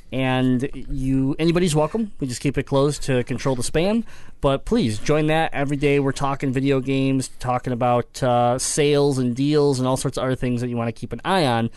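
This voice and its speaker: A man hosting a casual gaming podcast, talking in a relaxed, rambling way with plenty of fillers and restarts. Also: mid-range voice, normal speed, smooth. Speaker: podcast host.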